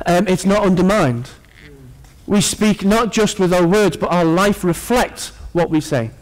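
Fairly high-voiced earnest male preacher. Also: unhurried. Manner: earnest, with playful asides to the congregation. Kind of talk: sermon.

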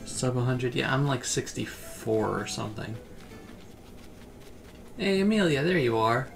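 A man chats easily through a game stream, wandering from thought to thought. His voice has a gravelly, creaky edge, and soft music plays faintly underneath. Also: medium pitch, measured pace. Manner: chatty, laid-back, trailing off. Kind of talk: relaxed livestream chat.

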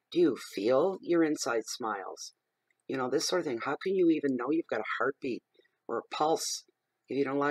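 A middle-aged man giving a general tarot reading, expressive and emphatic, working himself up as he talks. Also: mid-range voice, husky, dry recording, poor audio. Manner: expressive and emphatic, gets riled up. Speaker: tarot reader.

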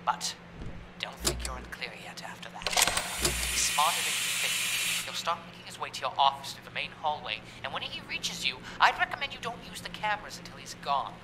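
A man's voice: on the high side, big pitch swings, fairly quick. A man voicing a condescending male engineer who leaves a recorded message for a rival in a horror game, explaining what to do. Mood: smug, instructive. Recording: loud background noise.

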